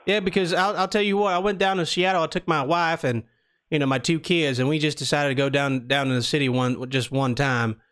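A man's voice: fairly high pitch, fairly even intonation, fairly quick, fairly bright tone, lightly acted. A man putting on a Southern accent as a rambling, folksy family man in an improvised prank call. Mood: chatty, rambling. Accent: put-on American Southern. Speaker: prank caller.

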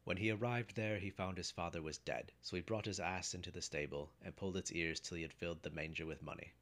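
A man narrating an old folk tale in a measured storyteller's delivery. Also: low voice, steady tone, fairly bright tone.

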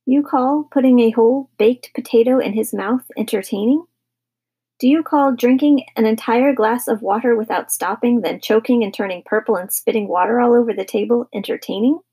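A woman's voice: on the high side, normal speed, slightly rough. A woman voicing a grumpy, fierce father who is fed up with his son in a storybook reading. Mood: exasperated. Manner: stern, exasperated, shouting.

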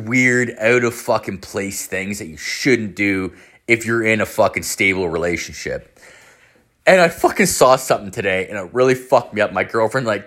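A man's voice: lowish voice, a bit bright. A man telling a casual, rambling comedic story, swearing constantly and leaning on "like". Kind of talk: casual profane storytelling rant.

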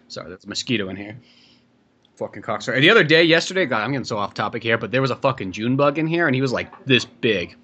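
A man's voice: medium pitch, lively intonation, fast, pushed and bright, slightly rough. A man hosting a podcast over a video call, talking loosely with lots of swearing and laughter. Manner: loose and profane, laughs often. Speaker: podcast host. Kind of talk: casual chat.

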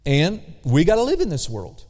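A man's voice: a little high, huge pitch swings, a little mellow. A man preaching a sermon as pastor, drawing out key words and calling for responses. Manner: slow, drawn-out emphasis with call-and-response. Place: church sanctuary. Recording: long church reverb.

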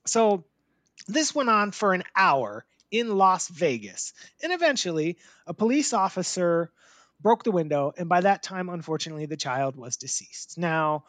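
A woman co-hosting a casual talk podcast, chatty and full of "like" fillers. Her pitch moves widely and expressively. The sound is dry and close, with no room echo. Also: normal speed. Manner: chatty, many "like" fillers, lively rising questions. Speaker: podcast co-host. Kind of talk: casual chat.

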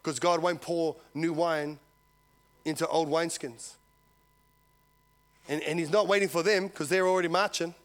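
Preaching at a moderate pace with plenty of pauses, a man with a slightly high voice tells his church an animated story. He acts out the dialogue and asks the people "Amen?"

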